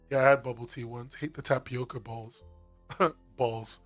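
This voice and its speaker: A man's voice: medium pitch, steady tone, moderate pace, fairly bright tone, soft background music. A man chatting casually on a stream, joking, swearing and laughing often. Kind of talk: casual stream chat reacting to videos.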